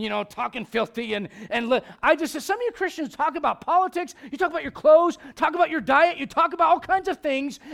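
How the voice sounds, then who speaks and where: High-voiced preacher man, loud then hushed. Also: vocal fry. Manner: swings from loud preaching to hushed, with joking asides and laughs. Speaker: pastor. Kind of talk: sermon.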